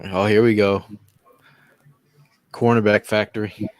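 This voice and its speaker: A man's voice: lowish voice, flat delivery, unhurried. A man co-hosting a live stream, joking and teasing the others while reading out news reports. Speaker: co-host of a live draft stream. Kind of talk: casual chat.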